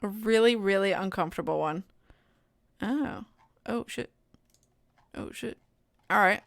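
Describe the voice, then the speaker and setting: A woman's voice: medium pitch, a little slow, creaky. A young woman streaming live, chatting casually with her viewers, laughing often, and reading out horror files. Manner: giggly, chatty, reacting to chat.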